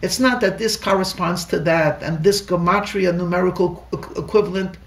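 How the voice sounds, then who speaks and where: A man's voice: high-pitched, brisk, a bit bright. A man voicing a wise old rebbe. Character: wise elderly male rebbe, calm teacher. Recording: echoey room, distant mic.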